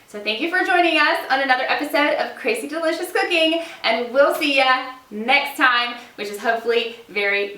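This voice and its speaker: Recorded with a distant mic in an echoey kitchen, a cooking show host with a high-pitched, sharp voice runs a casual demonstration. She is upbeat, chatty and prone to giggles.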